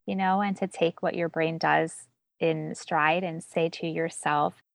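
A woman's voice: deep voice, fairly even intonation, measured pace, vocal fry, no room sound. A woman hosting a casual discussion, speaking in an encouraging, reflective way. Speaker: podcast host.

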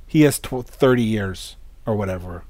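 A man co-hosting a casual talk show, relaxed and halting, retelling scenes of a film. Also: fairly low pitch, no echo. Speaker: podcast co-host.

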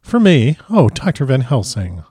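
A man's voice: medium pitch, wildly swooping pitch, measured pace, warm tone, slightly rough, no echo, clean studio sound, full character voice. A man voicing a sweet, grateful young woman with a raised, girlish lilt. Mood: playful. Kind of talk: audiobook character reading.

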